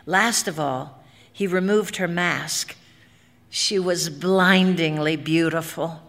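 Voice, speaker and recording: A woman narrating a story in a dramatic, expressive reading. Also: on the low side, slow, vocal fry. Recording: long hall reverb.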